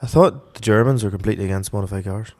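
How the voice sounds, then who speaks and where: A man's voice: on the low side, very fast. A young man with a Northern Irish accent co-hosting a casual car podcast, thinking aloud, swearing now and then, and feeling cold. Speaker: podcast co-host. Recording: long reverb.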